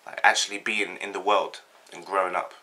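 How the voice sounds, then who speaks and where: This young South London vlogger has a low, flat, brisk voice with a sharp tone. Answering a tag, he chats in a laid-back, jokey way, rambling along in his South London accent with plenty of slang.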